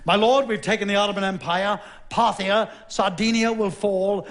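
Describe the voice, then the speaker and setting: A man's voice: high voice, steady tone, normal speed, a bit bright. A man voicing a dutiful, anxious general reporting to his king. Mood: deferential. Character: dutiful, anxious royal war-council general.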